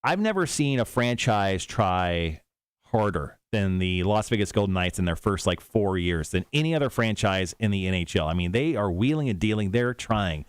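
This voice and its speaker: A man's voice: fairly low pitch, animated, normal speed, clean tone, no room sound, studio quality. A man hosting a morning radio show, running a quiz and joking, often laughing at his own bits. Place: radio studio.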